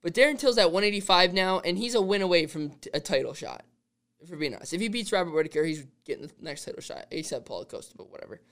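A man hosting a podcast, talking in a casual, excitable and rambling way, constantly saying "dude". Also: sits high, fast talker. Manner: rambling fan talk with restarts. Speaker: podcast host.

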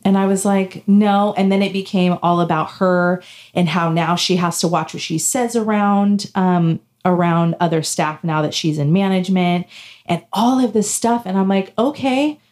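A woman with a low-pitched voice chats casually as a podcast co-host. She tells personal stories and slips into quoted dialogue as she acts them out. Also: moderate pace. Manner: animated storytelling, acting out quoted dialogue. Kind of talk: casual chat, telling a personal story.

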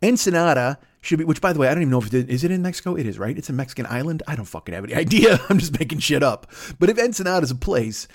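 A man's voice: on the high side, big pitch swings, racing, few pauses. Rambling, foul-mouthed man ranting for laughs. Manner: profane, rambling, puts on silly voices. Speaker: podcast host. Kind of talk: comedic rant.

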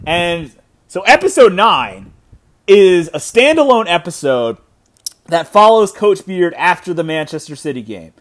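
A man's voice: sits high, big pitch swings, unhurried. A man hosting a solo podcast, talking casually and rambling with fillers and restarts. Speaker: podcast host. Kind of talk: solo podcast episode recap.

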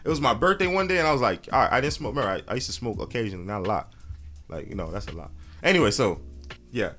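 An easygoing man hosts a casual chat, spinning loose stories full of slang. His pitch swings widely and leaps up high when he acts out his own reactions. Faint music plays in the background. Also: very animated, rapid-fire, a bit bright.

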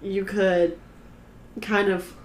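A mid-pitched woman co-hosts a podcast in easygoing chat. She talks with plenty of "um" and "like" and keeps agreeing quickly. The room adds a noticeable echo with a faint hiss behind her. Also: little pitch movement. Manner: chatty, frequent "um" and "like", quick agreeing replies. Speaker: podcast co-host. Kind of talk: casual chat. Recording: roomy echo.

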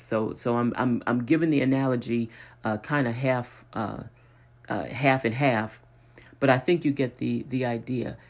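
A preacher giving a sermon, pressing points through repetition and pausing to restart thoughts. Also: mid-range voice, fairly even intonation. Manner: emphatic, repetitive preaching with rising intensity; hesitant restarts between points.

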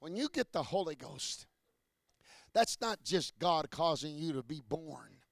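A man preaching a sermon to a congregation, asking questions and building from low talk to shouted peaks. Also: animated, unhurried, gravelly, no echo.

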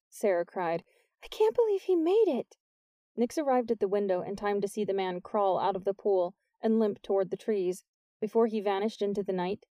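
A woman reading a novel aloud as an audiobook narrator, with steady scripted narration. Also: no echo. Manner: lifts her pitch for the characters' lines.

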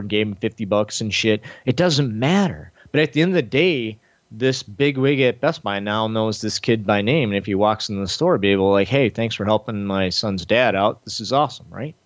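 A podcast host in casual chat delivers a long, profanity-laced story, muffled on the recording, with no room sound. He's animated, mimicking other people's lines with big pitch leaps.

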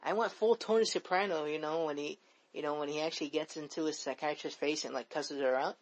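A man's voice: a little high, brisk, poor audio. A young man, rambling and repeating himself as he swears his way through a story on a casual podcast chat. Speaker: podcast co-host.

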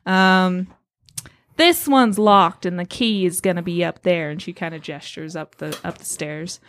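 A woman's voice: fairly low pitch, measured pace, a bit bright. A woman running a tabletop game as game master, narrating loosely and laughing often. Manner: giggly, loose and joking.

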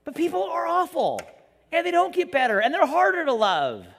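A man's voice: extremely high pitch, moderate pace, gravelly, long reverb tail. A man preaching a sermon in a church, telling the story with jokes and acting out the quotes. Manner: animated, jokey storytelling with acted-out quotes. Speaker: pastor.

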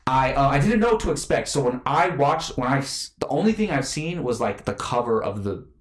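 A man's voice: mid-range voice, very animated, brisk, roomy sound. A man casually chatting about movies as a podcast co-host, rambling with lots of fillers and restarts.

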